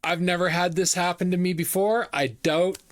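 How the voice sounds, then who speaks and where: Chatty man in his fifties, slightly high. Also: little pitch movement, normal speed. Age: 50s. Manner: chatty, repeats phrases, frequent fillers. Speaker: vlog host. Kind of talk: casual storytelling.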